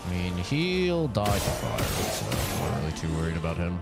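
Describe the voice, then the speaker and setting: A man's voice: low-pitched, very animated, normal speed, gravelly, over loud music. A young man streaming a game from his home setup, chatting casually and rambling to his chat between fights. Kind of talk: casual live-stream commentary.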